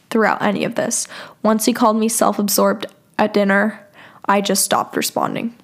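A woman's voice: mid-range voice, little pitch movement, moderate pace, creaky. A young woman hosting a podcast, candidly recounting a bad relationship and reading out old text messages in a frank, profane, exasperated way. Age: young adult. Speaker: podcast host. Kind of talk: personal storytelling, reading out old texts.

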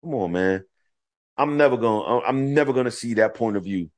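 A man co-hosting a casual podcast chat, his voice sitting at an ordinary middle pitch. He tells stories in an animated, profane way, acting out both sides of arguments. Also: a little fast. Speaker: podcast co-host.

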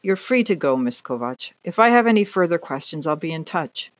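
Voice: medium pitch, big pitch swings, fairly quick, no room sound, close to an everyday voice. A narrator voicing a stern, skeptical male police detective who speaks formally and evenly.

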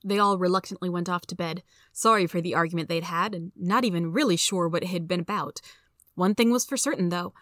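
A woman hosting a reading podcast, reading a story aloud in a steady, clear storytelling manner. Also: lowish voice, fairly quick, dry recording, studio quality. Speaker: host and reader.

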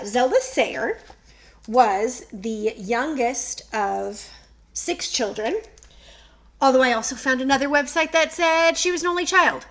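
A woman's voice: high voice, a little hiss or hum. A middle-aged woman co-hosting a podcast, telling a story in a chatty, casual way. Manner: chatty, storytelling, laughs often. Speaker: podcast co-host. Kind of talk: casual chat.

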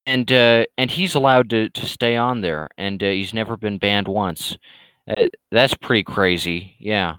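Rambling man with a smooth, low voice. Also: unhurried, a bit bright, no room sound, rough recording. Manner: rambling, hesitant, frequent restarts. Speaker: streamer and comic creator. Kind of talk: casual livestream talk, reading viewer questions.

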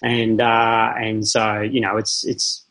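A man's voice: lowish voice, monotone, takes it slowly, a bit bright, low-quality recording. A man, a podcast guest telling stories in a casual, rambling, self-deprecating way with many fillers and restarts. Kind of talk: casual interview storytelling.

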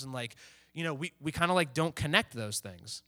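A man's voice: fairly high pitch, quick pace, sharp tone. A man preaching to a youth group in a casual, conversational way, often acting out what teenagers think and say. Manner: conversational, plays out teens' inner voices. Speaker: youth pastor.

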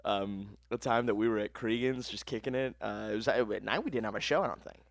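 A man's voice: on the low side, fairly quick, vocal fry, very noisy. A man co-hosting a podcast in casual chat, joking and laughing often. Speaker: podcast co-host.

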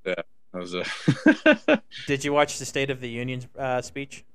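A man's voice: mid-range voice, a little slow, clear, resonant tone. A young man co-hosting a podcast, rambling and swearing a lot in casual banter. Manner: profane, rambling and excitable. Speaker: podcast co-host.

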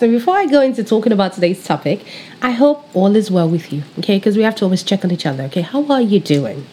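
A young woman hosting a faith podcast as a pastor, chatting casually with a high-pitched, excitable, energetic voice. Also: fast talker, faint music behind.

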